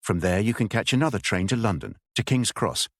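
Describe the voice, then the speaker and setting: A man's voice: fairly low pitch, lively intonation, fairly quick, no room sound, studio quality. A man voicing a curt, wary English village schoolteacher woman who speaks in a clipped, firm way. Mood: firm, brisk.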